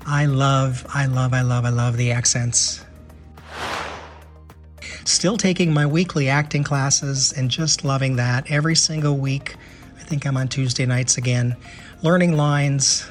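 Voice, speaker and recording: An American man hosting a casual travel podcast, chatty and enthusiastic, often repeating words as he thinks. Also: mid-range voice. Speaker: podcast host.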